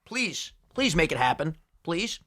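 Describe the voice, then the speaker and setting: A young man co-hosting a podcast in casual chat, excitable and swearing often, breaking into high laughs. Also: unhurried. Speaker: podcast co-host.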